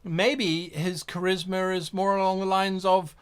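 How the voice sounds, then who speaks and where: A man hosting an instructional talk in an animated way, acting out examples as he goes. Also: high-pitched, measured pace, few pauses, clean tone. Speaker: host.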